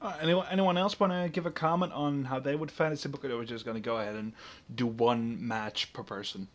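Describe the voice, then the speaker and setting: A man's voice: mid-range voice, fairly even intonation, fast. A man hosting a casual podcast chat, rambling with lots of fillers and restarts. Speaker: podcast host.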